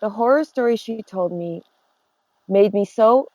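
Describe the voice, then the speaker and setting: An older woman on a call-in podcast trades celebrity stories with a gossipy, animated delivery. Her voice sits at a middle pitch and sounds dry and close, with no room around it. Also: unhurried, no room sound, highs cut off. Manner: gossipy, animated storyteller who laughs often. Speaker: guest. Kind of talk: casual chat. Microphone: remote call.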